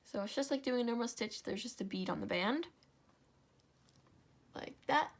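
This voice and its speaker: A woman's voice: a little high, lively intonation, normal speed. A young woman hosting a craft tutorial, talking casually step by step, sleepy and yawning, often correcting herself and apologizing. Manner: chatty, self-correcting, apologetic.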